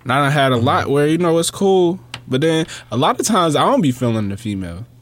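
A man's voice: fairly high pitch, sing-song, brisk, dry recording. A young adult man co-hosting a podcast, talking in loose, laid-back slang and swearing often. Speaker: podcast co-host. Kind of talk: casual banter.

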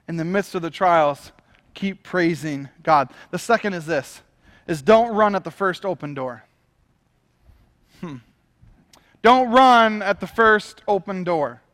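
Man, pastor, emphatic sermon, repeats phrases, very high pitch, long hall reverb. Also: a bit bright.

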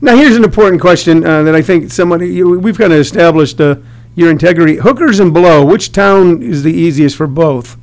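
A man's voice: a little high, brisk. A middle-aged man hosting a casual interview, rambling and joking with many restarts. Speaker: radio host interviewing comedians.

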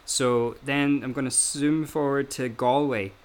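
A man's voice: mid-range voice, fairly even intonation, measured pace. A man hosting a casual analytical chat, hesitant, with many fillers and restarts. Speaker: podcast host.

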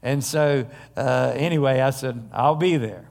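A male pastor preaching a sermon in a church, telling stories in a conversational way with frequent pauses. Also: medium pitch, vocal fry, darkish tone. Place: church sanctuary. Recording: long hall reverb.

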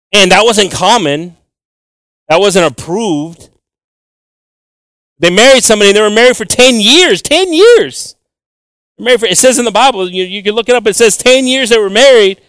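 A young man teaching from the Bible with animated emphasis, switching between English and Spanish and repeating words as he goes. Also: high voice, smooth, dry recording. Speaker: preacher.

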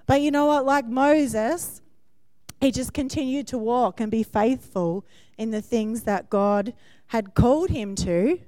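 A woman delivers a sermon in a fairly high, bright voice, chatty and personal, often checking in with a quick "yeah?". Her voice sounds close and dry, with no room echo. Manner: warm, conversational preaching with frequent "yeah?" check-ins and laughs. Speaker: preacher.

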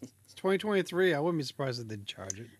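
A man's voice: fairly high pitch, big pitch swings, fast, dry recording. A man in casual chat, dropping dry joking asides.

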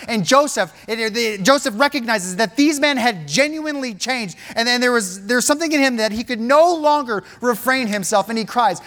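High-voiced male preacher telling a story. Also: lively intonation, normal speed, few pauses, fairly bright tone. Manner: dramatic storytelling, acting out quotes, frequent restarts. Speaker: pastor. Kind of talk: sermon.

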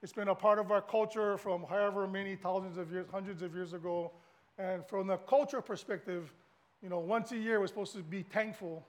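A man's voice: high-pitched, fairly even intonation, fairly quick. A middle-aged man from Hawaii with a Hawaiian accent, a guest pastor giving a casual, chatty sermon to the congregation.

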